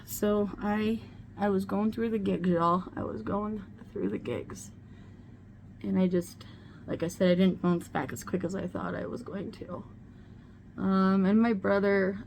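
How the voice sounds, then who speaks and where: A woman's voice: medium pitch, a little mellow, a little hiss or hum. A middle-aged woman vlogging casually at home while doing her makeup, talking candidly and swearing freely. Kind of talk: casual get-ready-with-me chat.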